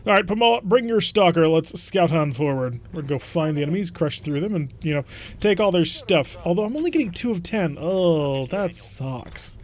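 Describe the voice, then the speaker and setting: A man's voice: fairly high pitch, expressive, normal speed. Chatty man narrating his gameplay. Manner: chatty, thinking aloud. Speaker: let's play host. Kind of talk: casual gameplay commentary.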